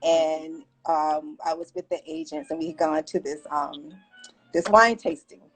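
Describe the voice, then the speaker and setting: A woman being interviewed, telling a story in a casual, animated way and laughing often. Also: deep voice, a little slow, slightly rough, faint music behind, poor audio. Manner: animated, laughs often, lively quoted asides. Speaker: guest, entrepreneur.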